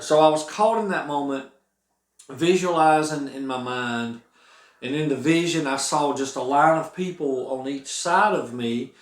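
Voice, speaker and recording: Earnest man, roomy echo. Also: a little high. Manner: earnest, rambling, with many restarts. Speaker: singer-songwriter explaining his song. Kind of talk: casual spoken reflection.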